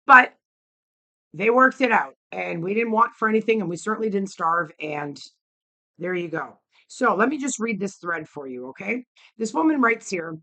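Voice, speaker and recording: A woman's voice: mid-range voice, animated, normal speed, bright, forceful tone. A woman vlogger ranting to camera, heated and blunt, swearing often. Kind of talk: angry opinion rant to camera.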